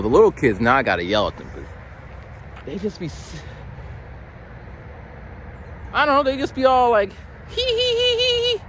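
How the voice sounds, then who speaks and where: A man vlogging outside in the cold, voice sitting a little high and swinging widely as he talks. His delivery is loose and rambling, full of animated storytelling and stumbling restarts. It is a relaxed, casual chat straight to his audience. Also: a little hiss or hum. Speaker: vlogger who works lunchroom duty at a school. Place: outdoors in cold weather, near a bridge.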